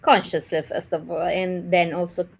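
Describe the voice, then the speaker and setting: A woman's voice: on the low side, little pitch movement, normal speed, creaky, slightly rough. Italian-accented woman nurse co-hosting. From Italy. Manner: warm, earnest, searching for English words. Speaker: nurse and podcast co-host. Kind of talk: casual podcast chat.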